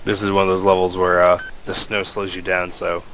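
A man's voice: sits low, monotone, fairly quick, background noise. A man chatting casually while playing a co-op game, explaining mechanics and directing his friend. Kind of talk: casual gameplay chat. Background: loud game music and battle sounds.

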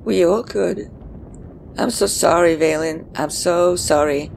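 A woman's voice: fairly low pitch, takes it slowly, vocal fry, darkish tone, a little hiss or hum. A woman hosting a game let's play, commenting in an emotional, reflective way. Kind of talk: gameplay commentary.

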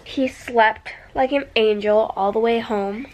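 A woman's voice: on the high side, takes it slowly, darkish tone, no echo, poor audio. A pregnant woman in her twenties chatting casually for a family vlog. She gushes and rambles emotionally, with lots of fillers. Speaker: family vlogger.

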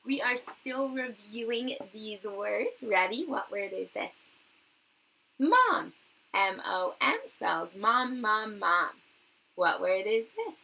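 A woman teaching young children in a video lesson, cheerful and sing-song, spelling words out slowly. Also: mid-range voice, vocal fry, sharp tone, rough recording. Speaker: kindergarten teacher.

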